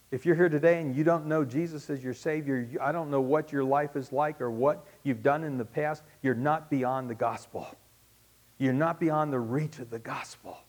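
A man preaching a sermon to his congregation. He swings from loud, emphatic peaks to hushed asides and repeats key phrases for emphasis. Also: medium pitch, measured pace. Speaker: pastor.

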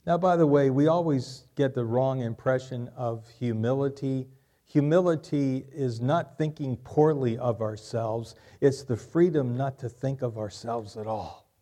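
Man, pastor, sermon delivery, rhetorical questions, repeated key lines, mid-pitched voice. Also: unhurried, mellow.

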